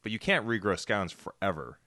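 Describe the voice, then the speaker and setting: A man's voice: fairly low pitch, big pitch swings, brisk, pushed and bright, no room sound. A man co-hosting a casual studio chat, questioning claims skeptically. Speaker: co-host.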